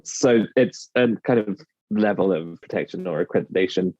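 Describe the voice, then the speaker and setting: A man's voice: sits low, moderate pace, darkish tone, no echo. Man, British accent, dialect coach, explanatory, acts out quotes, dry lo-fi recording. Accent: British English. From United Kingdom. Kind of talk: conversational explanation. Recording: slightly dull lo-fi sound.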